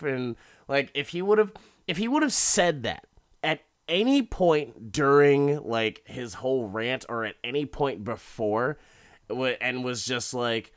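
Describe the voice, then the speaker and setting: A man's voice: medium pitch, animated, measured pace. A man casually recapping a story, profane and rambling, often repeating words.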